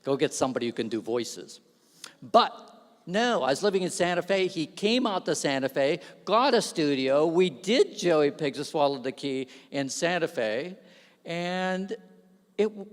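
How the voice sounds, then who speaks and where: A man at an awards event telling an animated anecdote, acting out the other people's lines and laughing along. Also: fairly high pitch, a little slow. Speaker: award speaker. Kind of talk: storytelling speech. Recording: long hall reverb.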